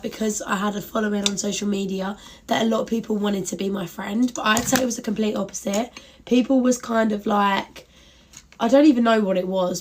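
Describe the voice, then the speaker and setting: A young woman talks through her story in a relaxed, reflective way. Her pitch sits in a middle range. A faint background noise runs under the recording. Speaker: social media creator. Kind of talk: get-ready-with-me storytime.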